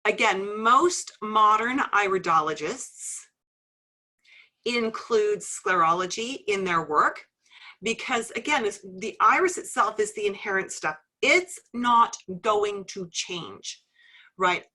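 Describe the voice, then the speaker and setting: A middle-aged woman teaching a live webinar as an instructor, friendly and gently teasing, explaining things step by step. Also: medium pitch, animated, slow. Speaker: iridology instructor.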